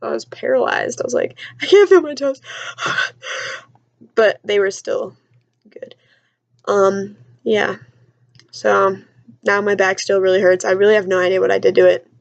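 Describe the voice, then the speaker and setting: A woman's voice: medium pitch, little pitch movement, measured pace, gravelly, long pauses, no room sound, lo-fi sound. A young woman telling a story in a chatty, self-mocking vlog from her basement at home, with lots of "like.". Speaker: vlogger.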